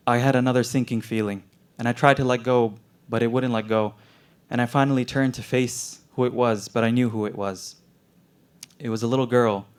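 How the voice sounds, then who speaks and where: A man's voice: mid-range voice, clear, resonant tone. A young man, a medical student, performing an earnest, emotionally intense spoken word story. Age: young adult.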